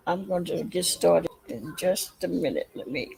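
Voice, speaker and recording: A woman's voice: lowish voice, expressive, moderate pace, creaky, a crowd in the background, rough recording. A woman hosting a casual livestream chat, rambling through a story and talking straight to her viewers. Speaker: livestream host.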